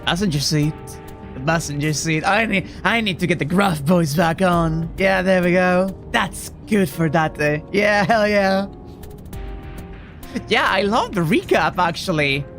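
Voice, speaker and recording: Over soft background music, a woman with a lowish, slightly slow voice streams a video game. She chats casually as she plays, joking, swearing, and laughing often.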